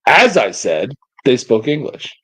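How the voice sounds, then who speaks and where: A man's voice: mid-range voice, big pitch swings, unhurried, a bit bright, breathy edge, no echo. A middle-aged American man co-hosting a casual live-stream chat, blunt and argumentative in his banter. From United States. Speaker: podcast co-host.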